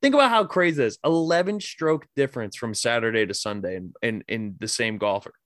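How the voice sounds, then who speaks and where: A man talks sports on a podcast in a loose, rambling way, heavy on filler words and casual swearing. His voice sits at an ordinary middle pitch. The sound is dry and close, with no room around it. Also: expressive, fairly quick, fairly bright tone, dry recording. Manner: loose, profane, rambling with lots of "like". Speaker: podcast host.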